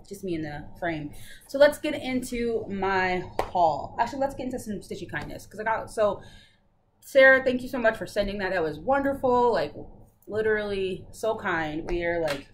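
A woman's voice: mid-range voice, slight background noise. A woman hosting a casual cross-stitch video chat, bubbly and chatty with many fillers. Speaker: Flosstube host.

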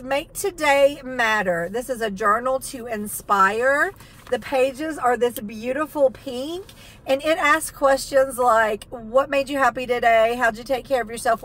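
A woman's voice: on the high side, fairly bright tone. A woman chatting enthusiastically through a shopping haul video, reading product labels aloud. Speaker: haul vlogger. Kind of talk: casual haul video chat.

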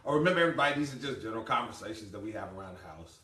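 A man's voice: fairly low pitch, animated, racing, pushed and bright, recorded from a distance. Playful man chiming in from off the mic. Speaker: husband and co-host of a live morning chat. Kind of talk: casual live-stream chat. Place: at home. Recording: echoey room, a bit off the mic.

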